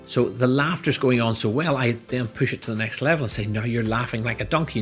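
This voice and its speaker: Low-voiced man explaining hypnosis. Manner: explanatory, casually talking through his own video. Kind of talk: tutorial commentary.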